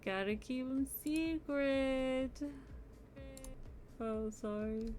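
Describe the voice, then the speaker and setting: Sleepy slow-talking woman streamer. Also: sits high, darkish tone, faint music behind. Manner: sleepy, yawning, chatty. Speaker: crochet streamer. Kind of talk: casual live-stream chat.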